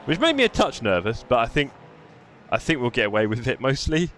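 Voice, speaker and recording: A man's voice: mid-range voice, big pitch swings, fairly quick, a bit bright. A man chatting casually while sim racing on a live stream, reading out chat. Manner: chatty, reads chat aloud while driving. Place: home sim racing rig.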